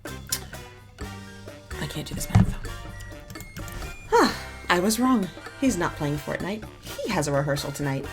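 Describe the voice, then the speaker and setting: A woman's voice: lowish voice, sing-song, takes it slowly, pauses often, over music. A woman in her thirties chatting casually at home as she unboxes beauty products, wry and self-mocking as she works through the prices. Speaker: beauty vlogger.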